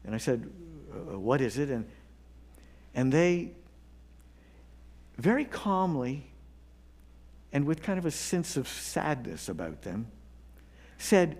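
A man preaching a sermon in a voice a touch higher than most men's. He tells a story from his congregation with earnest pauses. He builds to emphatic, rising appeals. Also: big pitch swings, a little mellow. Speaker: pastor.

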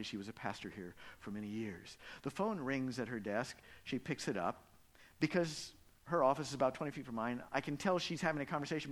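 A man preaching a sermon as pastor, telling stories and dropping from loud emphasis to hushed whispers. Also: medium pitch. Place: church.

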